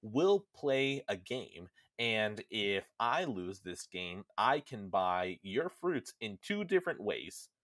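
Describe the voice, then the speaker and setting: A man's voice: fairly low pitch, big pitch swings, takes it slowly, hardly any pauses, fairly bright tone, no room sound, studio quality, heavily acted. A man voicing a mischievous young boy prince from a game story, eager, pushy and overly friendly.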